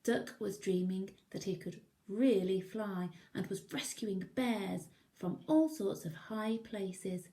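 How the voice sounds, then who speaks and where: A woman teacher reading a picture book aloud to young children, gently pointing out the pictures. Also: medium pitch, creaky. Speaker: primary school teacher.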